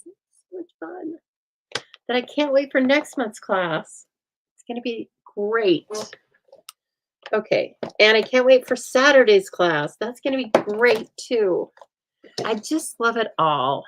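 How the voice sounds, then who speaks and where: A woman hosting a casual craft demonstration, chatty and often laughing, with a calm, soothing voice and a dry deadpan humor, recorded on a phone. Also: mid-range voice, a little hiss or hum, poor audio. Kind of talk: casual chat during a craft demo.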